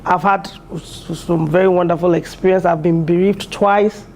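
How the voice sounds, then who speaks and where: A woman's voice: lowish voice, fairly even intonation, normal speed, darkish tone, slight background noise. A woman in her thirties, a PhD student and mother, speaking in an interview at her university, earnest and heartfelt, with many fillers and restarts. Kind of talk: interview testimonial. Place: university building.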